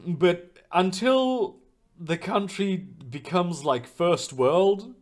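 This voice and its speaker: In his room at home, a young streamer chats casually while reading chat, his high voice drawing out words. He rambles and swears freely, full of fillers and restarts.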